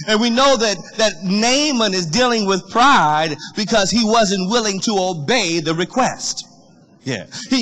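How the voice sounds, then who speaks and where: High, bright-voiced man preaching. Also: poor audio. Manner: animated, repeats words, calls on the congregation. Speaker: pastor. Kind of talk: sermon.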